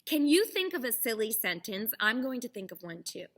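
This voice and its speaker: A young adult woman teaching theater to children, encouraging and speaking with clear enunciation. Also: a little high, very animated, normal speed. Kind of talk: children's lesson.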